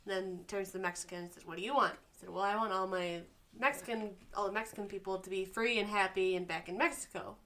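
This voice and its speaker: A woman co-hosting a casual podcast chat, telling a long joke in a relaxed, chatty way. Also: medium pitch, fast. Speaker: podcast co-host.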